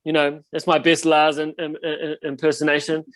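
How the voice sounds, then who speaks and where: A man's voice: on the high side, completely flat delivery, moderate pace, no echo. A young man, a touring band musician telling stories in a casual interview, rambling with lots of fillers. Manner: laid-back, rambling storyteller with many fillers.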